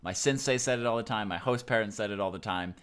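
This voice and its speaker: A young man giving a casual online lesson, explaining in a relaxed, chatty way with plenty of fillers. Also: fairly low pitch, fast, clear, resonant tone. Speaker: Japanese teacher.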